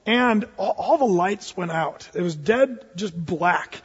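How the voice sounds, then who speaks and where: A man's voice: sits high, expressive, slow pace, husky. A middle-aged man telling a rambling personal story, full of fillers and restarts, acting out what people said. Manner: rambling, lots of fillers and restarts, acts out quotes. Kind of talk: anecdotal storytelling. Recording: dull, reverberant hall.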